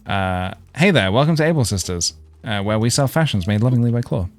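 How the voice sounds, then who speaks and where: A man's voice: on the low side, expressive, fairly quick, faint music behind. A man voicing a cheerful female hedgehog shopkeeper in a video game, upbeat and encouraging. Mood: welcoming.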